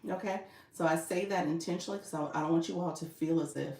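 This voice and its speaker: A woman's voice: sits low, steady tone, fast talker, warm tone, a little hiss or hum. A woman coaching viewers on a live stream, chatting casually, laughing often and reading their comments aloud. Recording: echoey room.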